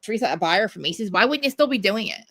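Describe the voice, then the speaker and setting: A woman's voice: mid-range voice, lively intonation, a little fast, a bit bright. A woman from New Jersey, ranting in casual chat, swearing a lot and restarting her sentences. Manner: profane, ranting, many restarts.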